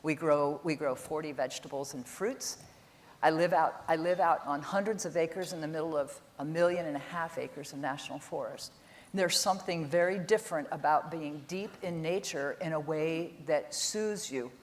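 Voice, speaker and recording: On a conference stage, a middle-aged woman delivers a keynote, telling stories in an animated, exasperated way at a moderate pace. Her pitch and volume often climb when she drives a point home.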